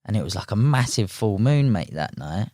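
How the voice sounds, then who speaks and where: A young man with a London accent, telling a fishing story as a podcast guest in a relaxed, slangy way, full of "mate" and "like". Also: on the low side, normal speed, no echo, studio quality. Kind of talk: casual storytelling.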